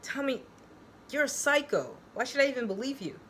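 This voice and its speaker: A woman's voice: sits high, lively intonation, moderate pace, a little hiss or hum, pitched above the performer's own voice. A woman reading aloud from her own novel, voicing a suspicious young male patient who presses with doubtful questions. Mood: distrustful.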